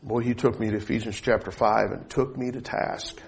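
A middle-aged man preaching a sermon, telling a personal story with rising excitement and reading scripture aloud. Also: fairly low pitch, normal speed, gravelly, breathy edge. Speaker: pastor.

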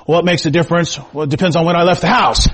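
A middle-aged male pastor preaching a sermon, reading scripture and praying slowly, then telling stories folksily with many fillers. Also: a little high, steady tone, a bit bright. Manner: slow, measured scripture reading and prayer; folksy storytelling with frequent fillers. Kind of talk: sermon with prayer and personal storytelling. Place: church sanctuary.

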